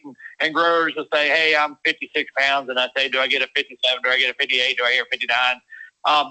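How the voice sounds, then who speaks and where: A man's voice: a little high, sharp tone, poor audio. A man giving a folksy webinar talk as a guest farmer. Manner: folksy, uses y'all.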